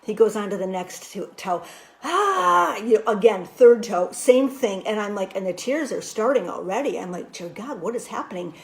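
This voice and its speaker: A woman teaching a wellness workshop, telling a personal story in an animated way with lots of "you know" fillers. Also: mid-range voice, normal speed, few pauses.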